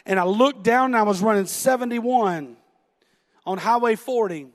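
A man's voice: sits high, normal speed. A middle-aged man with a Southern American accent preaching a sermon, telling a story about himself with self-deprecating laughter. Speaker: pastor. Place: church sanctuary. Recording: long hall reverb.

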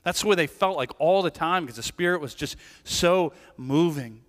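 A man's voice: on the high side, moderate pace. Conversational male pastor in a reverberant hall. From Irish family background. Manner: conversational, tag questions, many restarts. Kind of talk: sermon. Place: church sanctuary. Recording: church hall with long reverb.

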